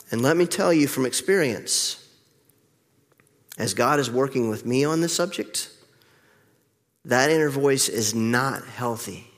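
A middle-aged male pastor preaching a candid, reflective sermon with pauses, heard with the long reverb of a church hall. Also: mid-range voice, animated, fairly bright tone. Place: church sanctuary.

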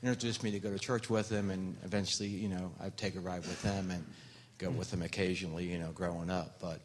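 Fast-talking, folksy man. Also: low voice, flat delivery, a little hiss or hum. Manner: rambling, folksy. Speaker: church member sharing a memory. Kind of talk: casual reminiscence.

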